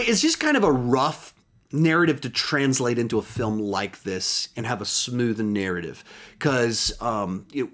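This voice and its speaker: A man's voice: medium pitch, fairly bright tone. A man giving a casual, chatty film review, talking loosely with frequent restarts and asides. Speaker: movie reviewer.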